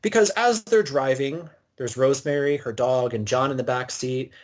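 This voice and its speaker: A man co-hosting a podcast, recapping an episode in an animated, storytelling way and acting out bits of dialogue. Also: mid-range voice, normal speed. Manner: animated storyteller, acts out quotes. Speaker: podcast co-host.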